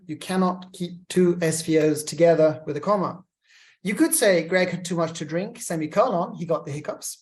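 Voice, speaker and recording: Lecturer reading out punctuation examples. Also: medium pitch. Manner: explains step by step, reads examples aloud with punctuation; chatty asides to students. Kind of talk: legal writing lecture.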